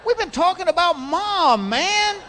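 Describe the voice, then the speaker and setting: A man's voice: very high voice, animated, measured pace, pushed and bright, some chatter behind, a little hiss or hum, voice pushed up, heavily acted. A Southern man acting out his shocked brother on the phone, laughing in disbelief. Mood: incredulous. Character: disbelieving brother catching a flush.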